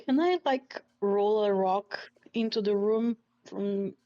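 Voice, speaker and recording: Slow-talking woman playing a tabletop game. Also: mid-range voice, dark tone. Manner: slow, tentative, with "like" fillers. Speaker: player. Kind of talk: casual tabletop play. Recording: dull lo-fi mic.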